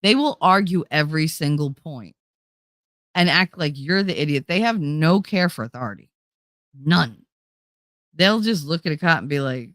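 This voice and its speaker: A woman's voice: sits low, expressive, moderate pace, a bit bright, no room sound. A woman hosting a casual live chat, talking bluntly with plenty of swearing, answering viewers and acting out the people she describes. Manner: blunt and profane, acts out quoted people. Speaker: livestream host.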